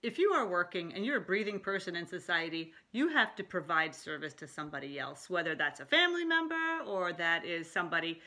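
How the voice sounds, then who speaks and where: A middle-aged woman with a bright, forward voice, chatting to camera as a life coach. She talks in an animated, loose way, with frequent laughs and asides. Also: fairly low pitch, a little fast, few pauses. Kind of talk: casual talking-head vlog.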